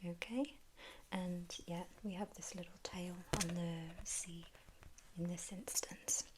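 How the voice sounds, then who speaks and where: A woman with an English accent, teaching in a whispered role-play as a gentle language tutor who prompts the listener to repeat. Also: on the low side, fairly even intonation, slow, very noisy.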